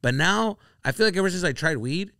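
Animated gravelly man telling stories. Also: fairly quick, dry recording, clean studio sound. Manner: animated, acts out quoted friends with sudden jumps in pitch. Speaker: podcast comedian. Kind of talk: casual storytelling chat.

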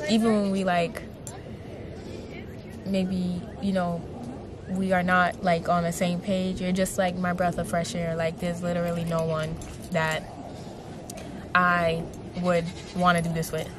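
Young woman vlogger, emotional and gushing, slow lowish delivery, noisy outdoor recording. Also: level tone. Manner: heartfelt, gushing, many likes. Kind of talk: emotional casual vlog talk.

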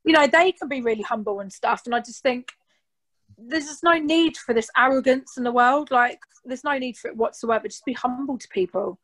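A woman's voice: a little high, brisk, a bit bright. Outspoken young woman. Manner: outspoken, swears, acts out quotes of others. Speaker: reality show guest. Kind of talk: casual chat.

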